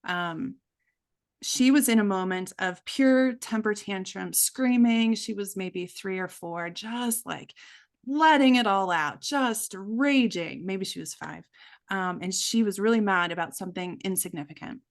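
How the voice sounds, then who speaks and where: Middle-aged woman, candid guest storyteller, earnest, mid-pitched, quotes voices. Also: measured pace. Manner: earnest, acts out quoted voices, many fillers. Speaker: podcast guest, coach.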